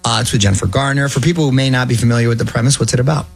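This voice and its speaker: A male radio host interviewing a guest in a brisk, energetic manner. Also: medium pitch, gravelly, slightly rough.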